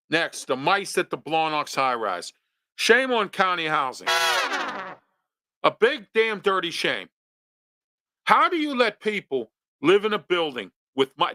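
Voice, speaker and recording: A man's voice: on the high side, bright, forceful tone, no room sound, clean studio sound. A man hosting a local talk show, scolding his listeners with rhetorical questions in an opinion commentary.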